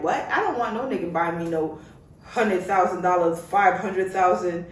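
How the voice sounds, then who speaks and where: A young woman hosting her own podcast, ranting in a lively, opinionated way and laughing often. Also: mid-range voice, takes it slowly, recorded from a distance. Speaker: podcast host. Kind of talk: casual opinionated monologue. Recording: echoey room, off-mic.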